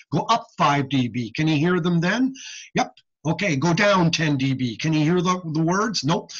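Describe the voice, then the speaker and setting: A man lectures slowly over his slides, his pitch rising and falling with wide swings as he checks in with his listeners. His voice is slightly husky, and the recording sounds dull and lo-fi. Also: fairly bright tone. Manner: slow, deliberate teaching with frequent "okay?" checks. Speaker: audiology lecturer.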